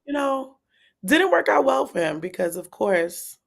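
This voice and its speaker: Animated woman co-hosting a chat. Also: high-pitched, a little slow, vocal fry. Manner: animated, laughing, jumps between loud and soft. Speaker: co-host. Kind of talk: casual livestream chat.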